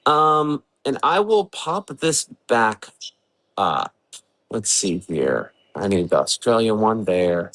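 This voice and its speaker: A man's voice: fairly low pitch, big pitch swings, takes it slowly, fairly bright tone, rough recording. A man hosting a live severe weather briefing at home in the early morning, talking casually and thinking aloud with fillers while he works the maps. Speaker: weather forecaster hosting a livestream.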